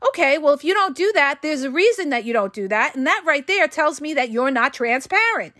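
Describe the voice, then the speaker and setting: A woman with a high voice gives blunt, emphatic advice on her podcast. She swears casually and keeps checking in with her listeners. The recording is close and dry, with no room sound. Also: animated, brisk, fairly bright tone, no room sound. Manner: blunt and emphatic, with frequent "okay?" and "all right?" check-ins. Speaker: podcast host.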